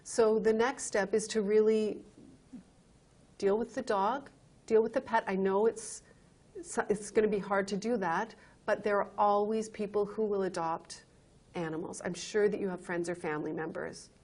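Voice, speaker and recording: A woman's voice: medium pitch, fairly even intonation, moderate pace, a little mellow, natural voice. A woman playing a pushy clinic counselor. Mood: pressing. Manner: insistent, lecturing. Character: pushy female clinic counselor, lecturing patient. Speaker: clinic counselor in a training video.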